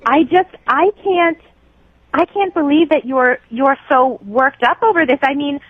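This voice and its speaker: A woman's voice: sits high, a little slow, dry recording. A woman on the phone to a radio show, flustered, stammering and apologetic. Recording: muffled phone line.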